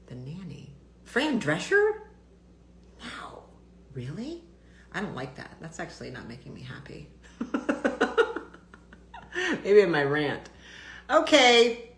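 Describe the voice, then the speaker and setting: A woman's voice: low-pitched, big pitch swings, normal speed, echoey room, slight background noise. A woman doctor ranting bluntly on a casual live stream, swearing freely and talking with lots of fillers and restarts.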